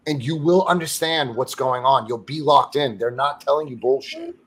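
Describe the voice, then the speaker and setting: A man with a medium-pitched voice talks on a casual sports podcast. He is emphatic and persuasive, pressing his point. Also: sing-song, moderate pace, few pauses, a bit bright, slightly rough.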